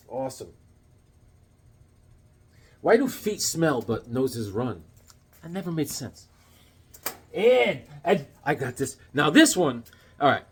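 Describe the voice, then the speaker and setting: A man with a fairly high, husky voice hosts a casual comic book review on his channel. As a collector, he rambles on and tells corny jokes, throwing in puns and asides.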